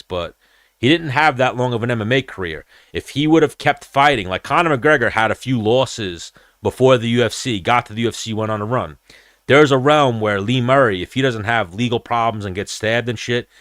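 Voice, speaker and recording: In clean studio audio with no echo, a podcast host chats casually about combat sports, swearing bluntly and wandering off topic. His mid-range voice has a fairly bright tone.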